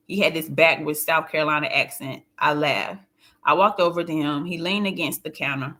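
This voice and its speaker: A woman's voice: low voice, a little fast, pushed and bright. A woman reading a first-person audiobook in a plain, confiding storytelling voice. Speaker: audiobook narrator.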